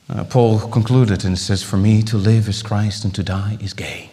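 A male preacher delivering an impassioned sermon, his voice swinging from ringing exclamations to hushed, slow phrases. He repeats words as he builds toward each point. His voice carries a long reverb, as in a church hall. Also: fairly low pitch, steady tone.

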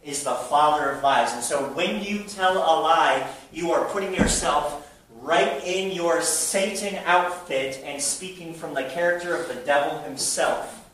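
A man with a somewhat high, fairly bright voice preaches unhurriedly to his congregation, emphatic and full of rhetorical questions. He is a pastor in a church sanctuary, recorded from far off in a very echoey room with faint noise.

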